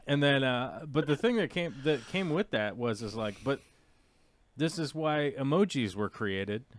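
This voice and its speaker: A man hosting a casual live talk show, rambling and animated with mocking asides. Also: mid-range voice, unhurried, slight background noise. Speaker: podcast host.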